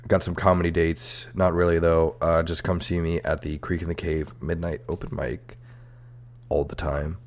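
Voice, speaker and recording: Deep-voiced man, loose comedic host. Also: flat delivery, normal speed. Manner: loose and profane, with fillers and self-corrections. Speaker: podcast host. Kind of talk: casual comedic history talk.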